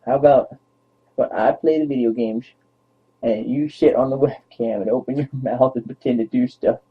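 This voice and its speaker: A man's voice: mid-range voice, fairly even intonation, moderate pace, slightly rough. A young man rambling playfully to his dog on camera in baby talk, as a vlogger. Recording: tinny phone-like lo-fi audio.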